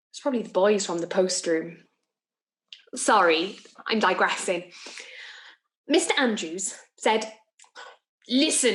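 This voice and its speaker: An actress playing a lovestruck young office woman who chats and giggles through her confession, recorded in an echoey room. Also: on the high side. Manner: chatty, confiding, giggly asides. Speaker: actor in a monologue. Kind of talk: theatrical monologue.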